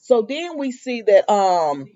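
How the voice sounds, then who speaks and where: Give me a chatty woman recapping a soap, mellow and a bit muffled. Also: a little high, slow. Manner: animated storytelling, sassy asides to characters. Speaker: soap opera recap vlogger. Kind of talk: casual recap with quoted dialogue.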